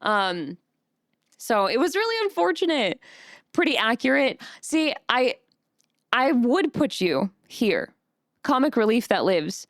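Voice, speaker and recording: Bubbly high-voiced woman streamer. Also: big pitch swings, takes it slowly, dry recording, clean studio sound. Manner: bubbly, greets chat by name, giggly. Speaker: vtuber streamer. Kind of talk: casual live-stream chat.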